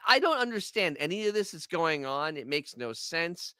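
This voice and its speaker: Lively sarcastic New man. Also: fairly high pitch, moderate pace, clear, resonant tone, no room sound, clean studio sound. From Staten Island, New York. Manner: rambling, sarcastic, many restarts. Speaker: podcast co-host. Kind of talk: casual commentary chat.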